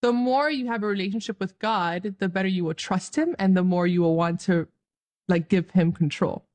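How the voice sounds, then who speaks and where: A woman's voice: medium pitch, steady tone, normal speed, darkish tone. A young woman giving an earnest, joyful faith talk straight to her viewers, laughing often as she speaks. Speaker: Catholic speaker.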